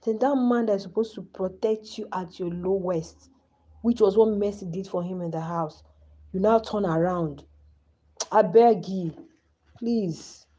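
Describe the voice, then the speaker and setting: A woman's voice: medium pitch, a little slow, mellow, low-quality recording. A woman in her thirties with a Nigerian accent, hosting a live stream and giving passionate, pleading commentary. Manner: impassioned, pleading.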